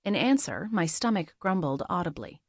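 A woman reading a first-person fantasy audiobook, measured and quietly expressive. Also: lowish voice, no echo, studio quality. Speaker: audiobook narrator.

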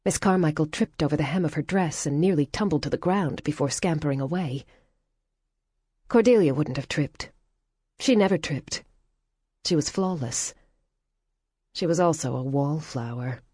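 A woman narrating a novel in a measured, wry storytelling manner. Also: low-pitched, dark tone, breathy edge, no room sound, studio quality. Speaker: audiobook narrator. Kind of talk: scripted narration.

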